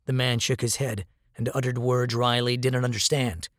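A man narrating a dramatic story in a measured, grave way. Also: medium pitch, level tone, dry recording, clean studio sound.

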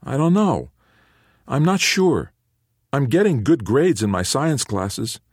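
A restless, gangly teenage boy, as a male narrator puts him on, muttering and sulky, then bright with hope. The voice sits clearly higher than the reader's own deep tone and swings widely in pitch. It sounds close and dry, with no room around it. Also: very animated, takes it slowly, dry recording, heavily acted. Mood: eager. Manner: sulky, muttering, eager when hopeful. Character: awkward, restless teenage boy longing to leave.

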